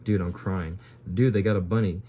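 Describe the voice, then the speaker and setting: Flipping through an old sketchbook for his video, a young creator comments casually, reacting with bewilderment and filler words. His low voice is warm and fairly even, at a normal speed, with a faint hiss or hum in the recording.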